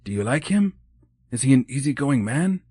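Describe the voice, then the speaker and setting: A man voicing Mrs. Claus in an audiobook, a cheerful, encouraging older woman with a brisk manner. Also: medium pitch, very animated, warm tone, breathy edge, dry recording, clean studio sound, pitched above the performer's own voice. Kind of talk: audiobook character voice.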